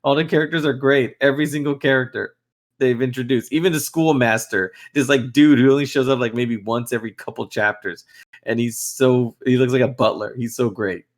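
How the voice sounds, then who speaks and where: Animated, swearing young man. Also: mid-range voice, brisk. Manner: animated, swears a lot, laughs often. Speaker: podcast co-host. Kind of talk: casual chat.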